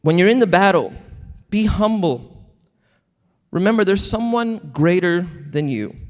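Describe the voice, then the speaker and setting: A man preaching a sermon as a pastor, telling stories and acting out quoted lines with animated delivery. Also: high-pitched, measured pace, long reverb tail. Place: large church hall.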